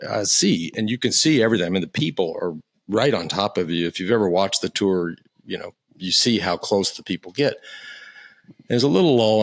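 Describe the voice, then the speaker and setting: An American man in his fifties, a podcast guest telling profane, animated stories with frequent restarts. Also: fairly low pitch. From United States. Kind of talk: casual storytelling.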